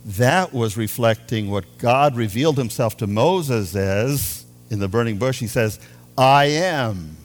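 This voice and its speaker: Animated, slow-paced male preacher. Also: medium pitch, faint music behind. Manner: animated preaching, drawn-out emphasis on key words. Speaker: pastor. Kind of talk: sermon.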